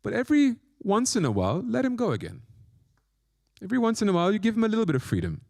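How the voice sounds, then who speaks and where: A man's voice: sits high, wildly swooping pitch, fast talker, creaky, darkish tone, dry recording, clean studio sound. A man, a monk, giving a spiritual lecture with playful, self-mocking asides and short phrases repeated for emphasis. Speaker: monk teacher.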